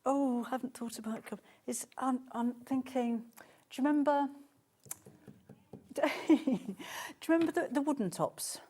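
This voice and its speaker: A woman's voice: high voice, unhurried, pauses often, dark tone, slightly rough. A woman co-presenting a live TV shopping show, explaining her sewing designs in a friendly, chatty way.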